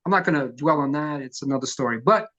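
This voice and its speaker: A middle-aged man, a punk vocalist telling profane, lively stories in an oral history interview. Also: fairly high pitch, quick pace, muffled recording. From New York. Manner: profane, animated storyteller who acts out quotes.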